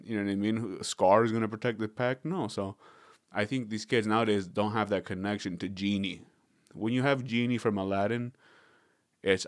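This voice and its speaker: Here the young man hosting the podcast has a fairly low pitch, captured at studio quality with no echo. He rambles in a loose, comedic way, cracking jokes and cursing.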